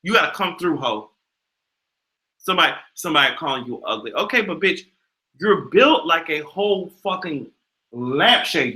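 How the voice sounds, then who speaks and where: A young man hosting a livestream, delivering a profane, sassy and animated casual rant. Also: sits high. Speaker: livestream host.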